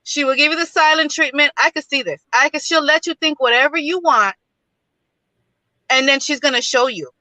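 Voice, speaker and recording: A woman's voice: sits high, moderate pace, sharp tone, no room sound, low-quality recording. A woman from the Bronx, calling in from her car as a guest in a casual live-stream chat, talking bluntly and often repeating herself. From New York, Bronx. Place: in a car, driving.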